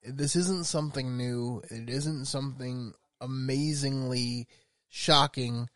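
A man speaking as a panelist on a TV debate, laying out his points in a measured way. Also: medium pitch, fairly even intonation, a bit bright, dry recording.

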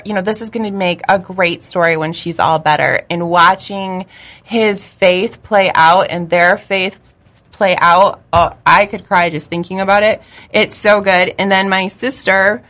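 A woman guest chatting on a book-club podcast in a mid-pitched voice. She rambles through stories with quick asides and frequent laughter, in a relaxed conversational tone. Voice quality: lively storyteller, laughs often, rambling. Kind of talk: casual chat.

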